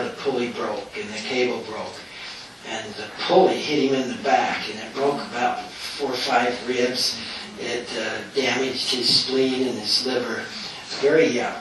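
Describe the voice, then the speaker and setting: A man's voice: mid-range voice, a bit bright, distant mic, a little hiss or hum. Chatty man storytelling in an echoey room. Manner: chatty storyteller, chuckles often, many fillers. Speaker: author giving a talk. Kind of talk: anecdotal talk to an audience. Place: meeting room with an audience.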